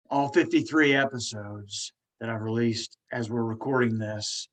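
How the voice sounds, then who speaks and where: A man's voice: mid-range voice, poor audio. A man hosting a podcast, talking casually and encouragingly while he stutters, repeating words and restarting. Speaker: podcast host.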